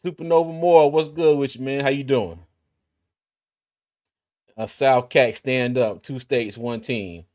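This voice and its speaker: A man's voice: mid-range voice, unhurried, long pauses, a little mellow. A man hosting a casual sports live stream, laid-back and chatty, with many fillers and restarts. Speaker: sports podcast host.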